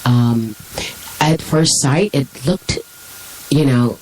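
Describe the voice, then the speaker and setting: A woman's voice: a bass voice, slow pace, a little mellow, a little hiss or hum, rough recording. A woman co-hosting a casual talk show, chatty and teasing, correcting her partner and reading out definitions. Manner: teasing, talkative, reads aloud. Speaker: co-host. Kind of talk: casual banter.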